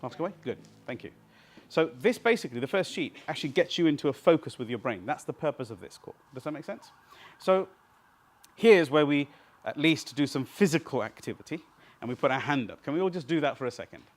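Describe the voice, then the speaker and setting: This seminar trainer has a fairly high, expressive voice and talks fairly quickly. He leads an interactive live workshop for a small group in a seminar room, frequently making sure they're following.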